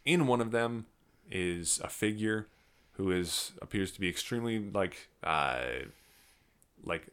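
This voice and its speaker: A man's voice: fairly low pitch, a little slow, smooth. A man acting as game master, casually narrating a tabletop game with loose, hesitant description. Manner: casual, lively, hesitant fillers while describing.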